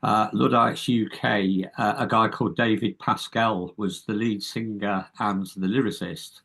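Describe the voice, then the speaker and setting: A man's voice: lowish voice, fairly even intonation, unhurried, gravelly, fairly bright tone, slightly rough. A man in his sixties with Welsh heritage, a musician guest in a casual interview, talking hesitantly with stammering restarts. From Wales by heritage, lives in England.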